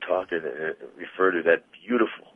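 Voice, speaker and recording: A man's voice: sits low, normal speed, slightly rough. A man co-hosting casual radio banter, enthusiastic and full of hesitant fillers. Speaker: car dealer co-host. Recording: dull lo-fi radio audio.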